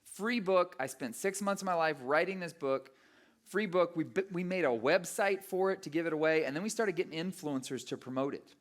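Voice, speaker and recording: Animated man preaching a sermon. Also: fairly high pitch, brisk. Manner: animated storytelling, acting out his own inner voice. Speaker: pastor.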